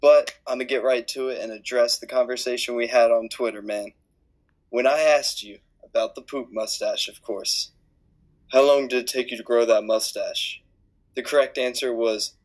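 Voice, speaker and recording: A man leaving a casual recorded message for a podcast, loose, brash and profane. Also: medium pitch. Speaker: listener sending a question.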